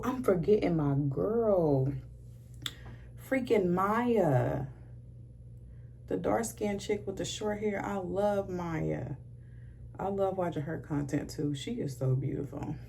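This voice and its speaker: A woman's voice: low voice, gravelly, mellow, a little hiss or hum. A woman in her thirties chatting casually and sassily while doing her makeup, calling her viewers "honey" all through. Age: 30s. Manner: chatty, sassy, says "honey" a lot. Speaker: beauty vlogger.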